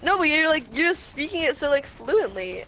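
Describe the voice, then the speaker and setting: A young woman from the United States needles a stranger during an online game, giggling and openly doubting what he says. Her voice sits high and bounces through a wide range. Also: sing-song, moderate pace, a bit bright, poor audio. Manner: teasing, giggly, skeptical. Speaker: fellow player. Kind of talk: casual gaming banter.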